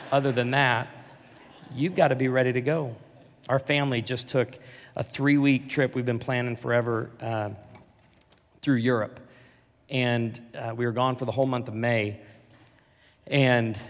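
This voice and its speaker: A male pastor telling a jokey, animated story in a sermon, with big swings in volume. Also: mid-range voice. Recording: large hall reverb.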